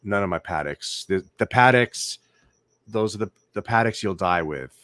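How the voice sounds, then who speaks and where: A man with a very low voice hosts a casual late-night livestream from home. He rambles, repeats himself and keeps asking his viewers whether they agree. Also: expressive, moderate pace, fairly bright tone, no echo. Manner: rambling, repeats words, asks viewers questions. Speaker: livestream host.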